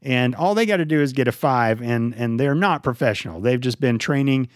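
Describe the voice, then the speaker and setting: A man's voice: mid-range voice, expressive, a little fast, no room sound, clean studio sound. A man in a casual movie chat, recapping the plot and teasing his co-host, with casual swearing.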